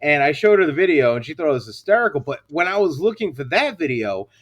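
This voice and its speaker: A man co-hosting a crude comedy podcast, telling stories with animated delivery and dropping low for quoted voices. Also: fast. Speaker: podcast co-host.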